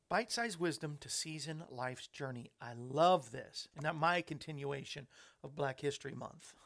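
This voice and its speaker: A man's voice: fairly high pitch, lively intonation, normal speed, gravelly, a bit bright. A man hosting a talk show, chatting in a rambling way and laughing at his own jokes. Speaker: host.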